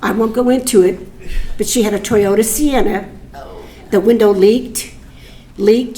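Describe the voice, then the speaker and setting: A woman's voice: fairly high pitch, fairly even intonation, measured pace, long pauses, a little hiss or hum. A woman, an aunt, telling humorous family stories at a memorial gathering into a handheld microphone. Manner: warm, humorous storytelling with laughter. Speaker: aunt giving a eulogy. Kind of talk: storytelling at a memorial.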